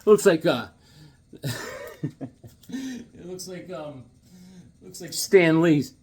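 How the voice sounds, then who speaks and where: A man hosting a casual vlog about his comic books, talking in a jokey, animated way with sudden exclamations. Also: a little high, extremely slow, long pauses. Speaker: comic book vlogger. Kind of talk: casual show-and-tell vlog.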